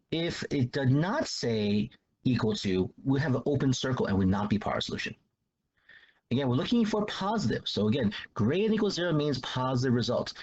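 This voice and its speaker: A man's voice: medium pitch, darkish tone, dull audio. A man teaching a math lesson in a casual, loose way, repeating himself as he explains. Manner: loose, repetitive explaining with restarts and fillers.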